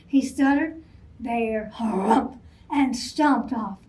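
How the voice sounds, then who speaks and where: A woman, a children's librarian, reading a picture book aloud at bedtime, gentle and expressive, asking the kids questions. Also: a little high, slow pace. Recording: voice from a distance off mic.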